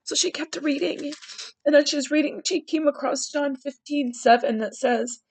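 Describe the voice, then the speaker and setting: A woman's voice: high-pitched, normal speed, a little mellow, rough recording. A woman hosting a podcast, sharing a personal story in an earnest, heartfelt way with frequent restarts. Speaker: podcast host.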